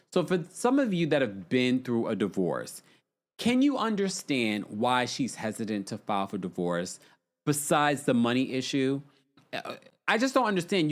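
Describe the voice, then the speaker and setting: A man hosting a casual livestream, chatting about reality TV and reading viewer comments aloud. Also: mid-range voice. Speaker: livestream host.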